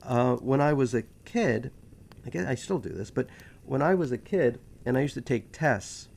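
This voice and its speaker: Male host, New York accent, gravelly voice at an ordinary pitch, rambling casual delivery. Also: lively intonation, normal speed, a little mellow. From New York City. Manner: chatty, joking, self-aware asides. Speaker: history channel host.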